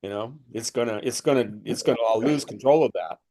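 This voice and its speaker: A middle-aged man with a voice of ordinary pitch speaks as a spiritual teacher in loose conversation. He rambles, restarts and slips into acted-out quoted voices to make his point. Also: a little fast, dark tone.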